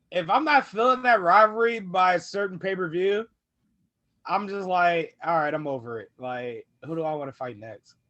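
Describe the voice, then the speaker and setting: A man co-hosting a podcast, talking in an excited, rambling way. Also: high voice, no echo, lo-fi sound. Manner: excited, rambling fan talk. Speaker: podcast co-host. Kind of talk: casual chat.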